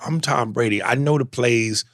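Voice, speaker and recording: A man co-hosting a podcast in casual banter, animated and quick to jump into voices. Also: dry recording, clean studio sound. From United States. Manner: animated, jumps into high-pitched voices and impressions. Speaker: podcast co-host.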